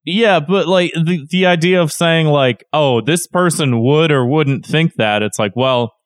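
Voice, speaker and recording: A man's voice: on the high side, unhurried, no room sound, clean studio sound. A man co-hosting a podcast, chatting casually, hesitant and rambling with many restarts. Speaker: podcast co-host. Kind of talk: casual chat.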